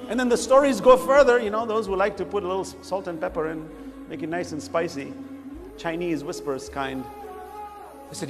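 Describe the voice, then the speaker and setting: A man giving an animated sermon to a congregation, rising to emphatic shouts. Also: high-pitched, moderate pace, in a large hall, music in the background. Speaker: preacher.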